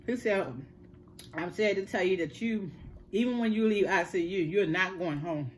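An older woman, telling a personal story in casual chat, animated and repeating words for emphasis. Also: medium pitch, normal speed, slight background noise. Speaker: host.

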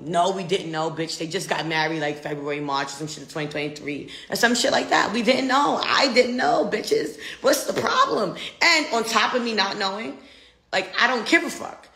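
A woman's voice: on the low side, sharp tone, echoey room. An American woman ranting defiantly in a casual live video, brash and profane. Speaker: social media personality.

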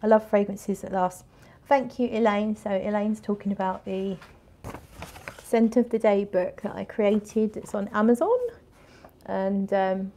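A woman's voice: mid-range voice, mellow. Chatty woman hosting a livestream. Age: 40s. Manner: chatty, bubbly, with frequent restarts and laughs. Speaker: fragrance livestream host. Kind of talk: casual live-stream chat reading comments.

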